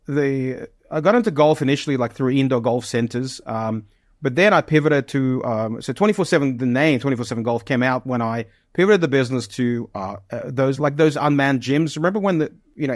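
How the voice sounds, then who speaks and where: A man's voice: mid-range voice, fairly quick, no echo, clean studio sound. A man in his forties who grew up in the Soviet Union, telling stories as a podcast guest, rambling with many fillers and restarts. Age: 40s. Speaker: podcast guest, business founder. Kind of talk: casual interview storytelling.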